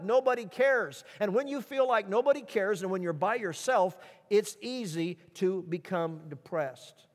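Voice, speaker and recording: A middle-aged man preaching a sermon as pastor, reading scripture aloud in a lively, emphatic way. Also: high voice, big-room sound.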